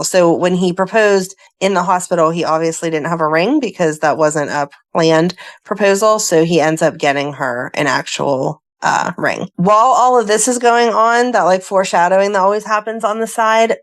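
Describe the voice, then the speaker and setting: A woman's voice: fairly low pitch, normal speed, hardly any pauses. A woman co-hosting a fan podcast, reading plot summaries in a casual chatty way and breaking off into asides. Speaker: podcast co-host. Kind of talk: casual chat and recapping a soap plot.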